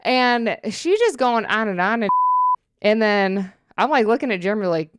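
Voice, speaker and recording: A woman co-hosting a podcast, telling stories in a chatty, expressive way. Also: medium pitch, normal speed, clean tone, no room sound, clean studio sound. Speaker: podcast co-host. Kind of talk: casual chat. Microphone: dynamic podcast microphone.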